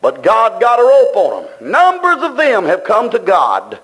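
A male preacher with a strikingly high voice delivers a sermon. He drives his points home through fervent repetition and plain, folksy grammar, and he keeps shifting between quick runs and slow, stressed phrases. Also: huge pitch swings, fairly bright tone, poor audio.

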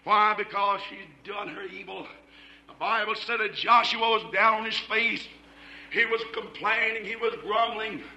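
A man preaching a fiery sermon, shouting in a rhythmic, repetitive cadence. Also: high voice, fairly even intonation, a little slow, echoey room, low-quality recording.

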